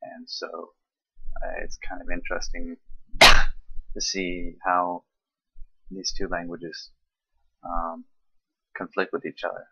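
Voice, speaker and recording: A tired young man from Charleston with a Southern accent, reading a word list slowly and hesitantly with many ums. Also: deep voice, completely flat delivery, creaky, bright, forceful tone, husky, no echo, highs cut off. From Charleston, South Carolina. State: tired, late at night. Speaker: vlogger.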